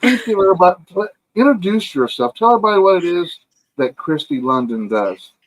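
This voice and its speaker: Casual podcast host, a woman, teasing and dry, pitch swings around a lot. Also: big pitch swings, brisk, dry recording, low-quality recording. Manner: teasing, wry. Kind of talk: casual chat.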